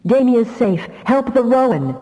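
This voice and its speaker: A woman reading an audiobook, voicing a calm and loyal male telepath who protects a child. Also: fairly high pitch, moderate pace, pitched above the performer's own voice, poor audio. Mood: steady. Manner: calm, then urgent. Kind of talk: audiobook character voice.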